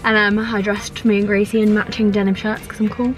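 A young woman, a mother, chatting candidly and emotionally to camera in a casual family vlog, breaking into sudden high exclamations. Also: level tone, a little fast, faint music behind. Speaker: family vlogger.

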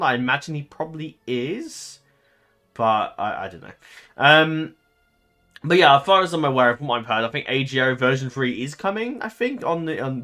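A man's voice: medium pitch, sharp tone. A man giving casual commentary over a strategy game. He rambles and fills his talk with ums and self-corrections. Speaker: gaming channel host.

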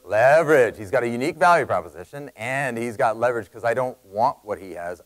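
A Canadian man giving an energetic sales talk to a live audience, telling a story in quick bursts with loud emphasis. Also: mid-range voice, low-quality recording. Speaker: sales speaker.

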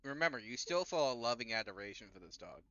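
A man narrating a tabletop game as game master, animated and quick to laugh. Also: medium pitch, no room sound. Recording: dull lo-fi mic.

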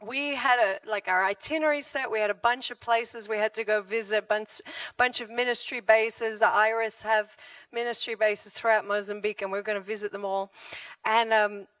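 A woman's voice: medium pitch, normal speed, clear, resonant tone, no room sound, distant mic. A middle-aged woman pastor preaching a sermon, telling stories with frequent laughter. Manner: laughs often, animated storytelling. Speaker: guest pastor. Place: church hall.

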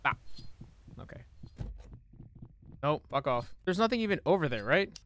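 Young male streamer, bright lively voice, swearing constantly, mutters then yells at the game. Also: on the high side, moderate pace, a little hiss or hum. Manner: profane, reactive, swings from muttering to yelling. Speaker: streamer playing a horror game. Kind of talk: live gaming commentary.

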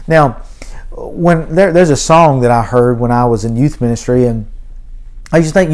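A man's voice: medium pitch, moderate pace, a little mellow. Male preacher, earnest sermon delivery with emphatic scripture reading, church setting. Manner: earnest, reads scripture aloud with rising emphasis. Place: church sanctuary.

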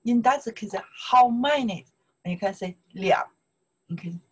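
A woman's voice: mid-range voice, moderate pace, slightly rough, low-quality recording. A woman with a Chinese accent teaching her native language in English, saying "okay" again and again as she explains. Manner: repeats okay often, non-native English grammar. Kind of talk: casual online language lesson.

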